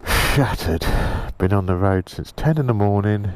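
A man's voice: on the low side, measured pace, no room sound. A man vlogging a motorcycle tour, sweary, joking and worn out. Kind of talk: casual vlog chat.

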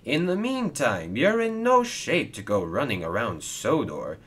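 A man voicing a calm, patient male steam engine in a storybook reading, speaking steadily and reassuringly. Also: medium pitch, a little slow, breathy edge, pitched above the performer's own voice, full character voice.

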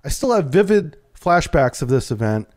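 Guy calmly telling his old navy sub story, kinda high voice. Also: moderate pace. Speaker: submarine veteran storyteller. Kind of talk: first-person narration of a true story.

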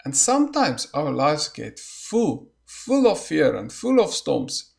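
A man's voice: fairly high pitch, wildly swooping pitch, takes it slowly, gravelly. A man preaching an earnest sermon, reading scripture aloud and leading a short prayer.

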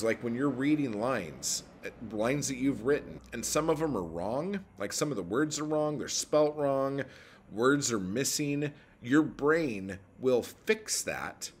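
In a casual talking-head vlog, a poet with a mid-range voice gives blunt, profane advice on writing craft, rambling with plenty of filler words. Slight background noise is present.

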